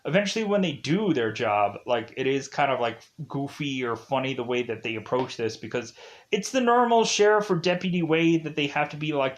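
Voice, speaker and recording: A man reviewing a TV series in a casual, rambling recap, packed with "like" and "uh" and chuckling at the plot. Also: medium pitch. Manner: rambling, leans heavily on "like" and "uh"; laughs at the plot while recapping. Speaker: TV show reviewer.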